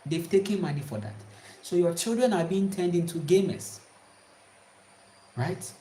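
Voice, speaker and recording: A woman's voice: fairly low pitch, lively intonation, measured pace, warm tone. A woman giving an emphatic, repetitive spiritual talk to her viewers. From Ghana. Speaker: spiritual speaker. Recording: roomy echo.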